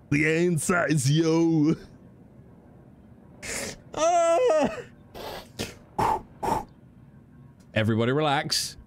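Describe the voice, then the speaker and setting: A man's voice: a little high, vocal fry, exaggerated voice. A man doing an impression of a boastful action-movie strongman, clipped and heavy. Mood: commanding.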